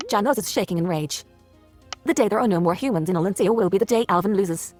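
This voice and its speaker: A woman's voice: mid-range voice, quick pace, a little mellow, faint music behind. A woman reading the text of a story game aloud in a plain voice, now and then restarting lines.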